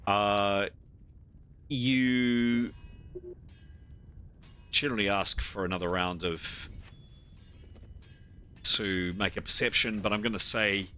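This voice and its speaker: A man running a tabletop game as game master, talking in halting bursts and repeating words as he rules. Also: lowish voice, steady tone, bright, forceful tone, faint music behind.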